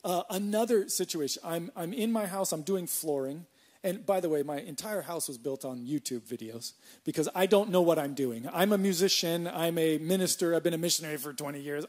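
A middle-aged male pastor preaching in a church, telling personal stories in an animated way and acting out his own panic. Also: on the high side.

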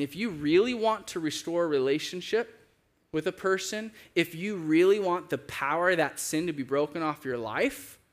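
Male pastor, fairly high voice, casual sermon delivery with acted-out quotes. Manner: conversational, acts out quoted voices with big pitch jumps.

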